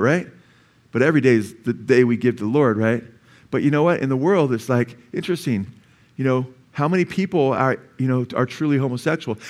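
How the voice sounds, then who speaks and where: Pastor guy giving a chatty rambling sermon, lots of asides, mid-pitched voice. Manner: conversational, rambling preaching with asides.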